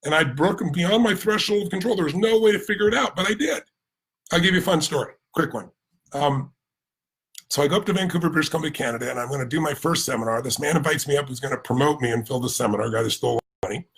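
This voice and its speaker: Husky fast-talking American man. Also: on the high side. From United States. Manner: animated, emphatic, acts out quoted voices. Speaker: motivational speaker. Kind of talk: energetic storytelling speech.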